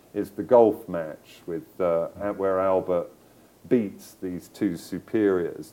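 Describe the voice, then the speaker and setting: A man's voice: sits low, warm tone, a little hiss or hum, low-quality recording. A middle-aged male novelist in a book club conversation, telling stories in a discursive way, with digressions and restarts. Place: live event before an audience.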